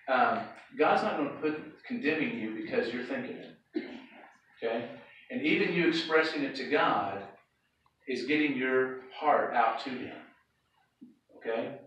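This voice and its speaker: A man's voice: mid-range voice, a bit bright, distant mic, slight background noise. A man preaching to a youth group in a loose, conversational way, often stopping to ask "okay?". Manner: conversational, checks in with frequent "okay?". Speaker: youth pastor. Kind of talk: sermon. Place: church hall or sanctuary. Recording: echoey hall, speaker away from mic.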